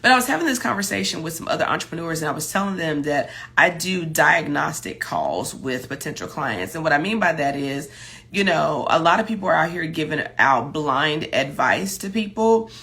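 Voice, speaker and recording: Low-pitched bright chatty woman host. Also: lively intonation, normal speed, vocal fry. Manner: chatty, greets viewers by name, many fillers and asides. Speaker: business coach for chefs, livestream host. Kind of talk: casual live-stream talk.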